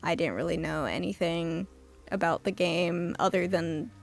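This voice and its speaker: Over faint background music, a woman plays a story game and reads the visual novel aloud in a let's-play style. Her voice is low, unhurried, and creaky, and she laughs often and swears freely.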